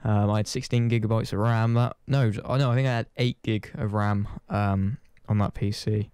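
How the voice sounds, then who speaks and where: A man's voice: lowish voice, steady tone, normal speed, darkish tone, clean tone, dry recording, clean studio sound. A man chatting casually to his channel's viewers, rambling and self-deprecating, swearing offhand. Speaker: gaming channel host. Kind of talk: casual chat to camera.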